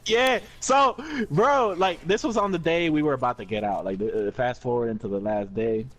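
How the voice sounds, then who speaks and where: A young man telling a story in a casual, animated way, full of slang and swearing and laughing often. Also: mid-range voice, moderate pace.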